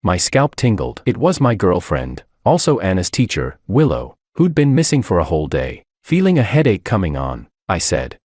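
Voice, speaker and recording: Deep-voiced man narrating a story. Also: wildly swooping pitch, moderate pace, hardly any pauses, darkish tone, no echo, studio quality. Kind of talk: first-person story narration.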